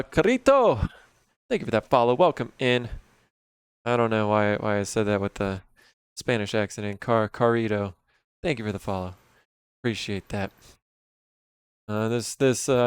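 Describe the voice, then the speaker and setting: A man in his thirties chatting casually on a live stream, relaxed and rambling as he talks with viewers while working. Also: mid-range voice, clear, resonant tone, no room sound, studio quality. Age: 30s.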